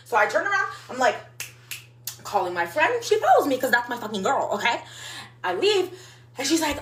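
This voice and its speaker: An animated woman in her mid-twenties rambling through a storytime, leaning on fillers and quoting everyone. Her voice sits on the higher side and swings widely in pitch. The delivery is casual and chatty. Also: fairly quick.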